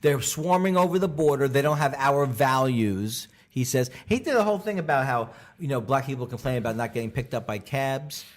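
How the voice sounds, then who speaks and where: A middle-aged male comedian telling stories as a podcast guest, animated and full of restarts. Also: a little fast, few pauses. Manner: animated, many restarts, bursts into high character voices. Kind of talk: storytelling conversation.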